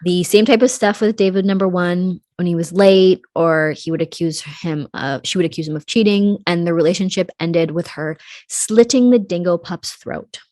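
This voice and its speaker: A woman's voice: fairly low pitch, normal speed, mellow, no echo, clean studio sound. A young woman hosting a podcast, telling a true crime story in casual chat. She swears freely and trails off into a mutter at the ends of her thoughts.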